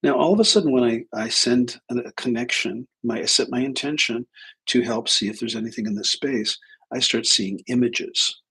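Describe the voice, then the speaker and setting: A man's voice: medium pitch, moderate pace, fairly bright tone, breathy edge, poor audio. A man hosting a livestream as a spiritual teacher, telling a story casually, often breaking off mid-sentence. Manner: rambling, self-interrupting, acts out dialogue.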